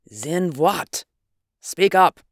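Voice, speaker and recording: A reader voicing a huge, excitable German scientist with a German accent and emphatic outbursts. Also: mid-range voice, measured pace, dry recording, clean studio sound. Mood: urgent. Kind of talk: audiobook character voice.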